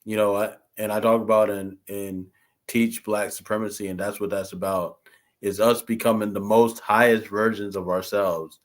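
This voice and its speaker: A man hosting a casual talk, calm and affirming as he agrees with his guest. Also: fairly low pitch, normal speed. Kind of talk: casual talk-show chat.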